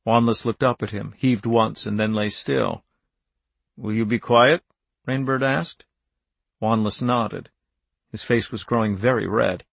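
A man narrates an audiobook in a steady, measured way. His voice has a gravelly texture, and the recording is close and dry with no room sound. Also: on the low side, no echo.

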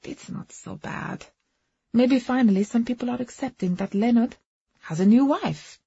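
A woman's voice: on the high side, moderate pace, gravelly, mellow, slightly rough, dry recording, pitched above the performer's own voice, heavily acted. A woman voicing a rich, flustered foreign-born woman who speaks broken English with dropped articles, in an emphatic, plaintive manner, on a dull, muffled recording. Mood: relieved.

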